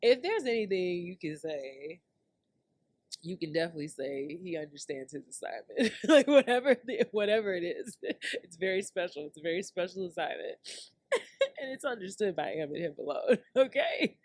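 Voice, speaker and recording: A woman's voice: fairly low pitch, very animated, moderate pace, darkish tone, no room sound. Laughing woman podcaster in a dry room. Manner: loose, joking, slangy and laughing often. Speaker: podcast host. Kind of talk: casual solo rant.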